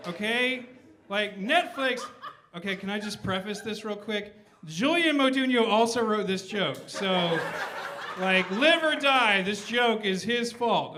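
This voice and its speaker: A man's voice: sits high, pushed and bright, slight background noise. A young man doing a stand-up set on stage, rambling and swearing and tagging lines with "right?". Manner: profane, rambling, keeps asking "right?". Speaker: stand-up comedian. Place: on stage before a live audience.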